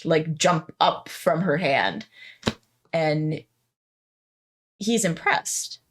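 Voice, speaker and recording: A woman narrating a tabletop game as the game master. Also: on the low side. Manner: descriptive, unhurried.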